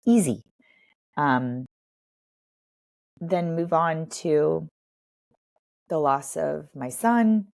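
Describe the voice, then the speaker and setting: A woman's voice: sits low, expressive, very slow, gravelly, pauses often, darkish tone, no echo, studio quality. A woman in her thirties, a podcast guest, talking openly and reflectively with many "like" fillers. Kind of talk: candid personal conversation.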